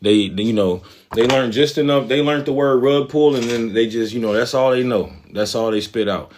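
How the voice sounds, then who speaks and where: A man's voice: mid-range voice, moderate pace, a little mellow, a little hiss or hum. A man hosting a livestream, talking to viewers casually in loose slang and often repeating phrases. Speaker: livestream host, trading commentator.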